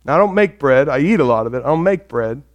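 A man preaching a sermon as a pastor, conversational and storytelling, dropping soft when he reads scripture. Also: medium pitch, expressive, fast, muffled recording.

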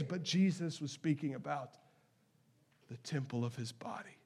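A male pastor with a high, husky voice marked by vocal fry preaches a sermon. He climbs to loud, urgent questions, then sinks into hushed, slow emphasis on key phrases.

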